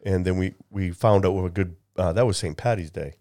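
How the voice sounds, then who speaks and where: A man chatting casually, telling travel stories in a halting way, repeating words and acting out the people he quotes. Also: deep voice, no room sound, clean studio sound. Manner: animated storyteller, acts out people he quotes. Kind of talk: casual chat.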